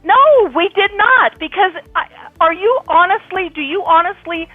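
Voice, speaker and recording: A woman's voice: extremely high pitch, normal speed, no echo, faint music behind. Insistent woman over a tinny phone line. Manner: insistent, exasperated, repeats questions. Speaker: apartment manager. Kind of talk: phone call. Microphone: telephone.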